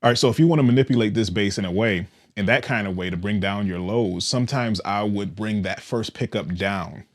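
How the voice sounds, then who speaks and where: Easygoing lower-voiced man explaining gear. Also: a little fast, few pauses. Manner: relaxed, explanatory, peppers speech with "all right". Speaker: bass guitar demonstrator. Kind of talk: casual instructional demo.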